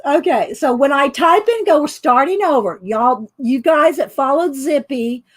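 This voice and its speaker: A woman's voice: high-pitched, animated, unhurried, few pauses. A woman running a live craft demonstration, chatting with viewers and giggling often as she goes. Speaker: art journaling instructor.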